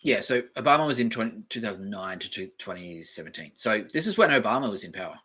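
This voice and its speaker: Guy hosting a solo podcast, kinda low and punchy, reads stuff off the web, rambles and swears. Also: big pitch swings, fast, bright, forceful tone, breathy edge. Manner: rambling, thinks aloud, swears. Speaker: podcast host. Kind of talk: casual solo podcast reading aloud from the web.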